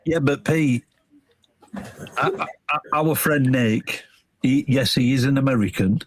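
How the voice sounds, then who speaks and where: A man, co-hosting a casual podcast, who talks haltingly and restarts his sentences. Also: mid-range voice. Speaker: podcast co-host. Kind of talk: casual chat.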